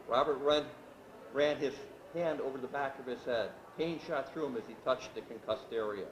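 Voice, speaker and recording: A man reading his novel aloud at a literary event, with steady, measured narration. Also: medium pitch. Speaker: author reading his work. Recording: echoey room with background noise.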